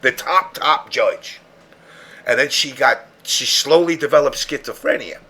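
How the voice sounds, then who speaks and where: A man's voice: mid-range voice, a little slow, bright, forceful tone, husky. A man hosting a podcast, telling long profane stories in casual chat. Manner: profane, rambling storyteller. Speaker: podcast host.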